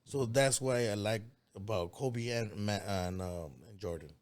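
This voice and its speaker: A soft-spoken man with an accent, sitting in as a podcast guest. He talks in halting stops and starts, modest and a little unsure, laughing things off. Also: fairly low pitch, clear, resonant tone. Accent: non-native English. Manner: hesitant, halting, many restarts, modest. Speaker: podcast guest, shoe cleaner maker. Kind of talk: casual interview chat.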